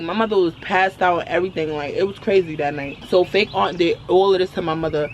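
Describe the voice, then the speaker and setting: A woman telling a storytime to her viewers, blunt and animated. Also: lowish voice, a little hiss or hum. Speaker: storytime vlogger. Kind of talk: casual storytelling to camera.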